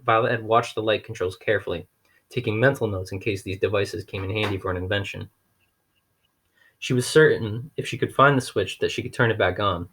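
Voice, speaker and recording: A man reading a children's novel aloud in a steady, wry way, with occasional restarts. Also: fairly low pitch, a little fast, slightly rough. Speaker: audiobook reader.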